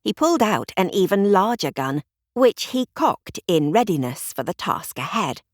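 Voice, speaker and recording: A woman narrating a mystery audiobook with expressive storytelling. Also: medium pitch, normal speed, no echo, clean studio sound. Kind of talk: scripted narration.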